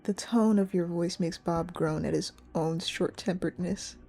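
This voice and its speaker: A young woman reading a story game aloud and reacting in an animated, giggly, slangy way. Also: fairly low pitch, moderate pace, vocal fry, soft background music. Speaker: gamer playing a story game.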